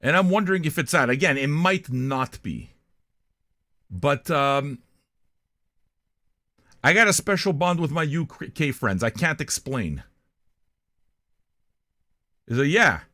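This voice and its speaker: A man's voice: a little high, expressive, takes it slowly, pauses often, pushed and bright. An older man from Canada, hosting a music reaction show in a blunt, profane, rambling monologue.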